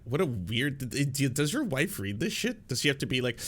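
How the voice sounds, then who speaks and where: A man's voice: medium pitch, big pitch swings, moderate pace, few pauses, fairly bright tone. A man hosting a podcast, giving casual reaction commentary in a profane, mocking way and laughing often. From Canada. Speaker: podcast host reacting to a clip.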